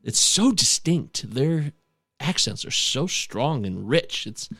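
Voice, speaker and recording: A man in casual chat as a podcast host, jokey and animated. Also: slow pace, gravelly, slightly rough, no echo, studio quality. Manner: animated, jokey, swoops up in pitch.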